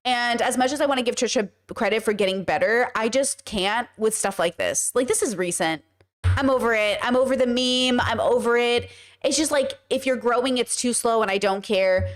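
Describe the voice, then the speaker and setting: A woman's voice: a little high, moderate pace. A woman hosting a casual commentary stream, blunt and emphatic and swearing freely. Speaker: podcast host.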